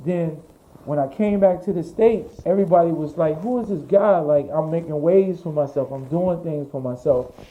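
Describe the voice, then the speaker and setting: A man from New York telling his life story as an interview guest, animated, swearing freely and acting out what others said. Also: a little high. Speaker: interview guest, fashion designer. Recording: dull lo-fi audio.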